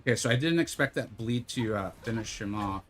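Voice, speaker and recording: A man streaming a mobile fighting game live, chatting casually with his viewers, joking at his own expense, and sometimes slipping into a mock infomercial pitch. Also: expressive, a little fast, faint music behind. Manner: chatty, self-deprecating, bursts into mock infomercial hype. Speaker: gaming streamer.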